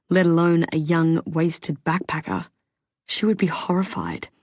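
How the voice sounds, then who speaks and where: Audiobook narrator: woman, low voice, expressive first-person reading, dry booth. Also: no echo.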